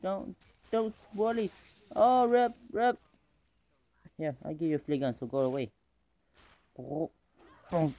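A man talks through his own game match in a fairly high voice, rambling between plays and getting excitable when fights break out. He speaks at an unhurried, slow pace. The recording is dull and lo-fi. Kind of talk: casual gameplay commentary.

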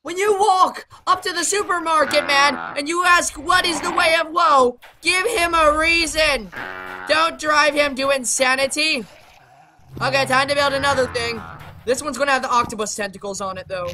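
A woman gaming YouTuber doing let's play commentary, excitable and chatty, talking to the creatures in the game. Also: sits high, normal speed. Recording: game clucking and rooster noise behind.

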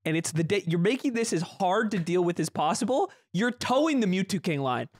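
A man's voice: sits high, sing-song, a little fast. A man co-hosting a casual podcast, ranting in exasperation. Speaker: podcast co-host. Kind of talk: casual chat.

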